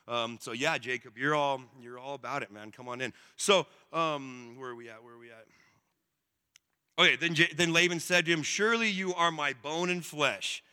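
A man preaching a sermon in a casual, animated storytelling way, with slang and asides. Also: mid-range voice, normal speed, clean tone. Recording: long reverb.

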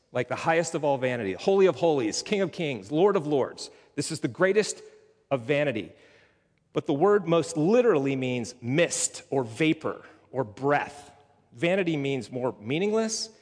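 A man's voice: medium pitch, big-room sound. A man giving a teaching sermon, explaining words and ideas step by step, with rising emphasis on key points. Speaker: preacher.

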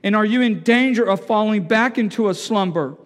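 A male pastor preaching a sermon, moving from quiet, halting storytelling to loud, impassioned pleading. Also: high-pitched, long reverb tail.

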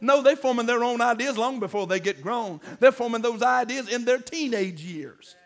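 A middle-aged pastor preaching a sermon, calling out to the congregation and building to emphatic peaks. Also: male voice, very high voice, a little fast, hardly any pauses, a bit bright. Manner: call-and-response preaching, rising to emphatic peaks.

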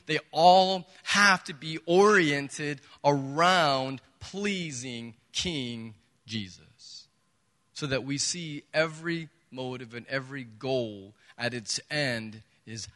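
A man's voice: medium pitch, sharp tone. Emphatic male preacher in a reverberant hall. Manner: emphatic, conversational preaching with rhetorical questions. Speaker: pastor. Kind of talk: sermon. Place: church sanctuary.

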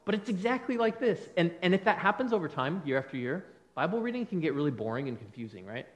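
A male pastor preaching a conversational sermon, acting out quick bits of dialogue as he goes. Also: on the high side. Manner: animated, conversational preaching with quick acted-out quotes.

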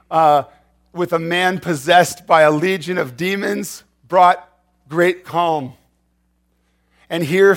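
Male pastor, chatty sermon delivery, slightly high voice, trips and restarts. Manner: conversational, repeats words and restarts.

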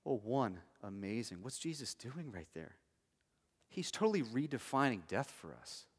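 A man preaching an expository sermon, swinging between loud emphatic stretches and very quiet passages, checking in with listeners with "okay" and "right". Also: mid-range voice, big pitch swings, moderate pace, breathy edge. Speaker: pastor. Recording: long hall reverb.

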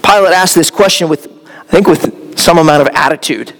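A man's voice: on the high side, fairly quick, fairly bright tone. A man preaching an expository sermon in a church, earnest and explanatory, with occasional stumbles and restarts. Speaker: pastor. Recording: long hall reverb.

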